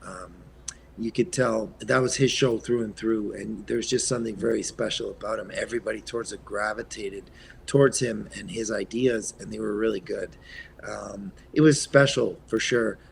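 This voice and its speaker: A gravelly, fairly low-voiced man from Quebec talks casually as an interview guest. He speaks softly, letting sentences trail off and filling pauses with ums. A faint hiss of background noise sits under his voice. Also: steady tone. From Eastern Canada, Quebec. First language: French. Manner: soft-spoken, trailing off, many fillers. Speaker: actor guest.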